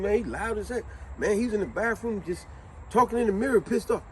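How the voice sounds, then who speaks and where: A man hosting a casual motivational talk, telling stories with animated flair and acting out quotes. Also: high voice, fast talker, a little hiss or hum. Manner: animated storytelling, acts out quotes. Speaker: vlogger host.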